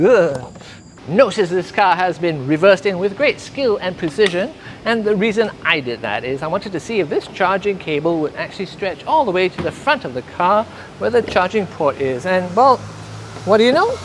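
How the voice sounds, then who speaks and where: A man's voice: high-pitched, big pitch swings, moderate pace, slight background noise. A man giving a chatty, jokey car review next to and inside a car.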